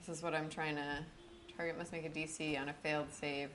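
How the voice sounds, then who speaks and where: A woman's voice: low-pitched, level tone, fast, fairly bright tone, slight background noise. A woman playing a tabletop game, thinking aloud with many fillers. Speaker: player. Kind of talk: casual tabletop game play.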